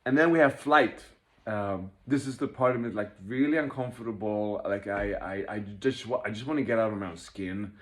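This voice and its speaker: A man leading a workshop, talking fast and animatedly, laughing at himself and acting out inner voices as he explains. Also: fairly low pitch, a bit bright. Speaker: workshop leader. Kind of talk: informal teaching talk.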